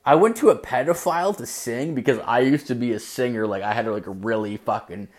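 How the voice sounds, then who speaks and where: A man's voice: medium pitch, fairly quick. A man ranting through a casual story, swearing constantly and packing every sentence with "like". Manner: profane and rambling, leaning on filler "like".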